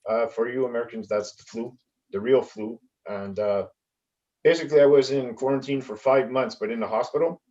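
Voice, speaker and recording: A man from Canada doing a stand-up comedy set over a video call, with a halting delivery full of fillers. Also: mid-range voice, fairly even intonation, warm tone, lo-fi sound.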